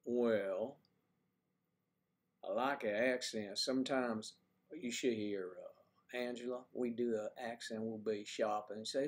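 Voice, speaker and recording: Taking things slowly with long pauses, this Washington DC-area man hosts a casual livestream in a medium-pitched voice without a noticeable accent. He goes through the chat, joking around and ribbing viewers.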